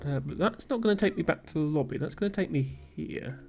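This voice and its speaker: A man streams a game live, talking his way through it with lots of ums and small chuckles. His voice sits a bit high, with quiet game music running behind him. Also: expressive, quick pace, creaky. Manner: thinking aloud, frequent ums and chuckles.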